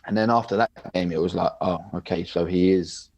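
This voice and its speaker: Young male guest, low voice, laid-back storyteller who keeps saying "like". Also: brisk, creaky. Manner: relaxed, rambling, lots of "like". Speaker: podcast guest, footballer. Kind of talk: casual interview chat.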